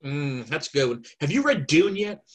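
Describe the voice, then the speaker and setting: A man's voice: on the high side, very animated, normal speed, slightly rough. Chatty man on a podcast call. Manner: chatty, many fillers, thinks aloud. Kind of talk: casual chat. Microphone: video call.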